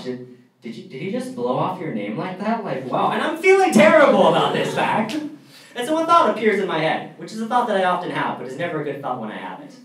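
A young man doing a stand-up storytelling set on a college comedy stage, animated, his voice jumping high and squeaky when he gets excited. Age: young adult. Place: college comedy club stage before a live audience. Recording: echoey room, picked up from a distance, faint noise.

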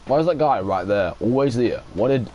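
A young man giving excitable, sweary live commentary while playing a shooter game. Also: medium pitch, fairly quick, lo-fi sound. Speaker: gaming streamer.

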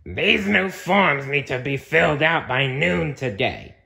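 A man reading a storybook aloud, voicing a strict, menacing female office-manager monster with a slow, pointed delivery. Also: on the high side, very animated, vocal fry, sharp tone, voice pushed up, full character voice. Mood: stern.

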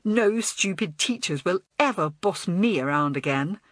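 A woman voicing a spoiled, boastful schoolgirl who talks in a high, whiny, demanding way. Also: expressive, measured pace, no echo. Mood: gloating.

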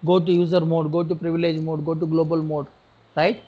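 Husky-voiced exasperated Indian trainer man. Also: on the high side, little pitch movement, fairly quick, muffled recording. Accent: Indian English. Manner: exasperated, scolding, repeats questions. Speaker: technical trainer. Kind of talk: classroom lecture.

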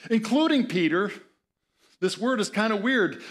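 A pastor with a high, somewhat bright voice and an Upper Midwest American accent delivers a sermon in an animated, conversational way. Speaking at a moderate pace with frequent pauses, he reads scripture aloud, adding asides and chuckles.

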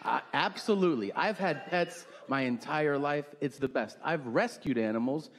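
A man's voice: on the high side, moderate pace, a little hiss or hum. A man doing a stand-up comedy routine on stage, telling profane stories and acting out other people in shifted voices. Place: comedy stage before a live audience.

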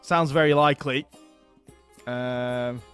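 A man hosting a strategy game let's play, chatting casually and thinking aloud, getting excited over his battles. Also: mid-range voice, takes it slowly, clear, resonant tone, soft background music. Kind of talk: casual gameplay commentary.

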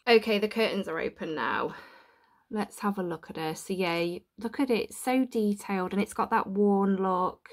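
A woman's voice: medium pitch, moderate pace. Chatty, tearful woman vlogging. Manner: chatty, self-deprecating, emotional. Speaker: YouTuber. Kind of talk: casual unboxing vlog. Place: home room.

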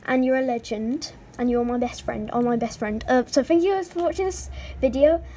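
Giggly high-voiced woman gaming. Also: a little fast, mellow, breathy edge. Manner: giggly, playful, chatters to in-game characters. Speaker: gaming channel host. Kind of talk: casual game commentary.

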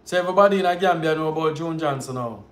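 A man's voice: on the high side, fast talker, a bit bright, reverberant. A man with a Jamaican accent hosting a livestream, chatting playfully and teasing his guest. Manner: playful, teasing, laughs often. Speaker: livestream host. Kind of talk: casual chat.

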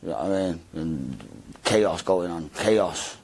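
A man telling his story in an interview, rapid and slangy, swearing and calling everyone mate and bro. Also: deep voice, animated, creaky, a little mellow, husky.

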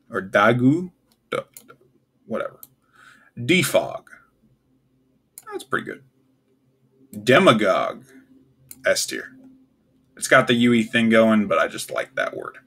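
A man's voice: fairly low pitch, vocal fry, a bit bright, husky. A young man hosting a casual solo video, ranking words with offhand, puzzled and wry asides. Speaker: tier list video host.

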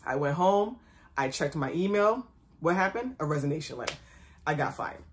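A young woman who hosts her own fashion blog tells a personal story to camera in a low, expressive voice at normal speed, with a little hiss or hum in the audio. She is emphatic, repeating phrases for effect and acting out quotes.

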